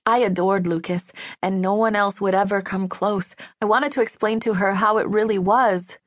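A woman's voice: mid-range voice, steady tone, normal speed, no echo. Woman narrating an audiobook, dry studio. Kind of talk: scripted first-person narration. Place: studio booth. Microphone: studio microphone.

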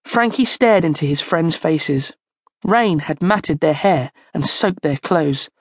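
Slow, lively woman storyteller, dry studio. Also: sits low, breathy edge, no echo. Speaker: audiobook narrator. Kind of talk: scripted children's story narration.

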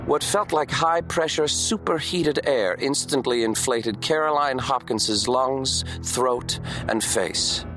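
A man narrating an audiobook thriller in an even, measured storytelling manner. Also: mid-range voice, soft background music. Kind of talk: scripted narration.

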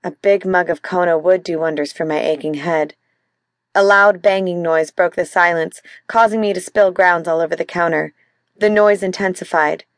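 A woman narrating a mystery audiobook in first person, calm and even. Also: lowish voice, normal speed, no room sound, studio quality.

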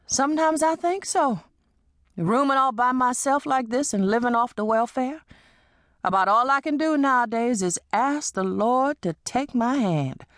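A woman's voice: high-pitched, expressive, a little slow, a bit bright, no echo, studio quality. A woman reading an audiobook and voicing a lonesome, weary middle-aged woman who talks in a plaintive, resigned way.

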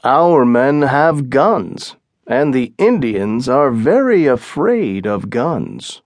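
Give me a man reading a blunt, stern colony leader in an audiobook, very slow and dry. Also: medium pitch, very animated, no room sound. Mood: questioning. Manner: firm and blunt. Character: stern, commanding male English colony leader.

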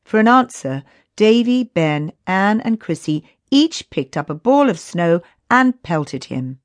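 Female narrator for a children's fantasy book; lowish voice, unhurried. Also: lively intonation, dry recording, clean studio sound. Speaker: audiobook narrator.

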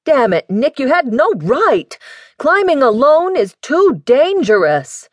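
A woman voicing a gruff, protective older male professor who scolds his grown daughter, with her voice raised in pitch. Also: lively intonation, unhurried, no room sound, lightly acted. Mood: scolding. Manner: scolding, bossy.

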